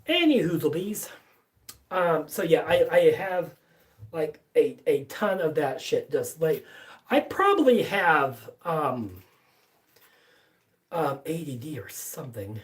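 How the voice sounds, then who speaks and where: Unhurried, rambling workshop streamer of mid pitch; loose filler-heavy chat, casual cursing, sits back from the mic. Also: sing-song, recorded from a distance. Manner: rambling, many fillers and restarts, casual swearing. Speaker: livestream host. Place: basement workshop.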